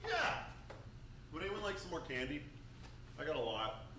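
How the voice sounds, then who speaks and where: A man's voice: fairly high pitch, very animated, normal speed, a little hiss or hum. A man hosting a live show, bantering in a playful, joking way. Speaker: host. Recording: echoey room, far from mic, loud music.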